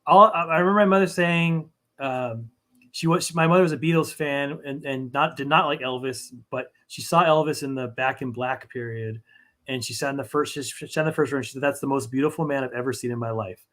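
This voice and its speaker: A man speaking as a podcast guest, thoughtful and halting, with many restarts. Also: fairly high pitch, sharp tone. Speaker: podcast guest, comic book writer. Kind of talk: casual interview talk.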